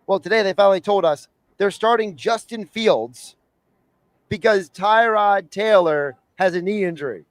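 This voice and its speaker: A man's voice: high-pitched, normal speed, dry recording. A man hosting a sports radio show, chatting animatedly with guests and reading sponsor copy.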